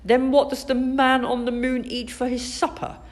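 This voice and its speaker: A woman voicing a curious, excitable little boy in a storybook. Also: high-pitched, normal speed, big-room sound, pitched above the performer's own voice, close to an everyday voice. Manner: wondering, excitable.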